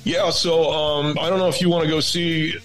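A man voicing a laid-back young Southern California surfer, with a relaxed, drawling manner and a Southern Californian accent. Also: on the high side, normal speed, faint music behind, pitched above the performer's own voice, lightly acted, poor audio.

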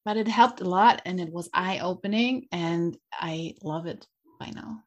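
This is a German woman whose English carries only a slight German accent. As a podcast guest she talks in a lively, playful way and laughs easily. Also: fairly low pitch, unhurried, muffled recording. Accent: light German, near-neutral English. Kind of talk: casual conversational interview.

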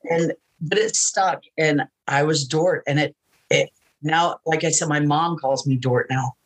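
A middle-aged woman talking casually in an interview, animated and self-mocking. She laughs often and slips into quoted voices as she tells a story. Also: deep voice, measured pace, low-quality recording. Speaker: interview guest, wrestling announcer. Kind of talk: casual chat.

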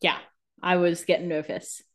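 A woman's voice: on the low side, little pitch movement, normal speed. A woman co-hosting a casual podcast, chiming in with laid-back reactions to a TV recap. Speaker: podcast co-host.

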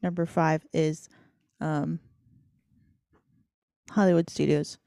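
A young woman in her twenties, a guest calmly listing her picks in casual chat. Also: deep voice, takes it slowly, vocal fry, no room sound.

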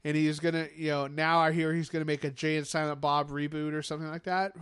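Guy ranting casually, kinda high smooth voice, lots of "you know", dry close mic. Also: little pitch movement, fast, a bit bright, no echo. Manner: rambling, opinionated, many restarts and fillers. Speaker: podcast co-host. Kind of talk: casual chat.

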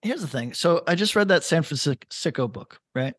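A man's voice: on the high side, animated, moderate pace, fairly bright tone, no echo, clean studio sound. Profane, opinionated male podcast host. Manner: loose, profane, opinionated riffing. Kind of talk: casual chat.

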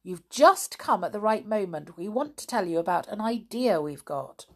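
A woman's voice: medium pitch, expressive, normal speed. A woman voicing a responsible older boy who speaks in a matter-of-fact way. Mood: earnest.

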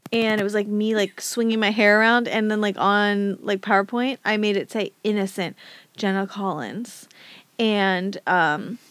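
A woman's voice: medium pitch, measured pace, fairly bright tone, clear, resonant tone, no echo. A young woman co-hosting a podcast, telling a story in casual chat and laughing hard. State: pregnant. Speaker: podcast co-host.

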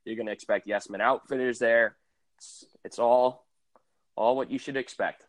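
A man's voice: medium pitch, steady tone, moderate pace, no room sound. Easygoing young man co-hosting a podcast. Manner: friendly, easygoing, encouraging. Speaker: podcast co-host. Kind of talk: casual chat.

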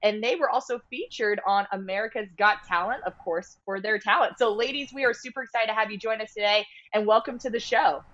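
A woman co-hosting a track podcast, her voice slightly hoarse. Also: mid-range voice, brisk, few pauses, fairly bright tone, lo-fi sound. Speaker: podcast co-host. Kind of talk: sports podcast chat.

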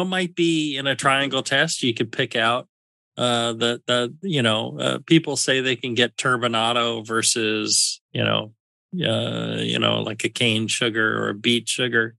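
Bright-voiced man hosting a podcast. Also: medium pitch, fairly even intonation, takes it slowly, creaky, no echo. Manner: chatty and explanatory, many fillers. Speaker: podcast host. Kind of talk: casual podcast chat.

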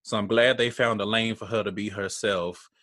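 A man's voice: on the low side, fairly even intonation, moderate pace, a bit bright, dry recording, studio quality. A man casually recapping a reality show with a co-host, blunt and profane, laughing often and acting out what people said. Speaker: podcast co-host.

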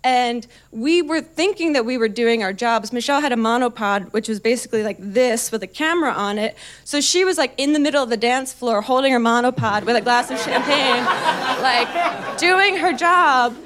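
High-voiced woman telling a stand-up story. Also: normal speed, a bit bright, some chatter behind. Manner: chatty, self-mocking, laughs through lines. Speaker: stand-up comedian.

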